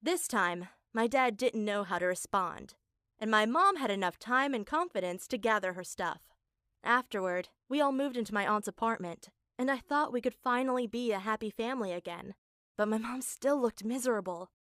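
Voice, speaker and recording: A woman tells a first-person story in an earnest, emotional voice that sits on the high side. The recording is close and dry, with no room sound. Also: lively intonation, moderate pace, fairly bright tone, no room sound. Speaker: narrator.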